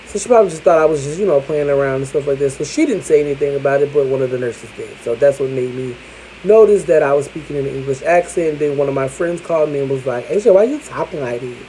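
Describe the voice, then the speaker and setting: Candid chatty vlogger with a mellow tone. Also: mid-range voice, fast talker, slight background noise, low-quality recording. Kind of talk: casual storytelling vlog.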